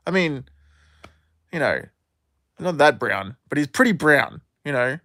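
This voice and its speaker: Slow, rambling man in his thirties. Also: a little high, sing-song, a bit bright, dry recording, clean studio sound. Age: 30s. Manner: rambling and profane, heavy with fillers and restarts. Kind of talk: rambling solo monologue.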